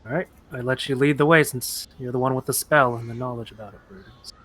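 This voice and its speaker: A man's voice: medium pitch, fairly even intonation, quick pace, fairly bright tone, breathy edge. A man playing a tabletop game, chatting casually and slipping into character now and then. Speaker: player. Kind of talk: casual tabletop role-play.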